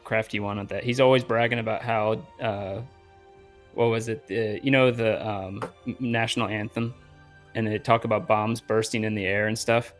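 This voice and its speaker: A man's voice: fairly low pitch, steady tone, normal speed, soft background music. A man running a tabletop game, chatting casually and laughing easily. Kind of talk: casual chat.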